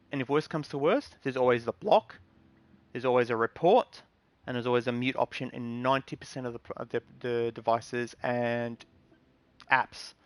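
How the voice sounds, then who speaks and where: A man's voice: medium pitch, fairly bright tone, no room sound. Guy streamer giving earnest advice, lots of ums, dry no-room sound. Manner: rambling, earnest advice with many ums and restarts. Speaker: game streamer. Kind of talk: casual live-stream talk.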